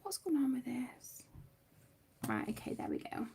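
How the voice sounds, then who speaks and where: A British woman hosts a chatty craft livestream from home, sounding a little flustered as she talks to herself while working and fondly calls her viewers sweetheart. Her voice is high-pitched and husky with a warm tone and vocal fry, swinging hugely in pitch at an unhurried pace, all in a whisper.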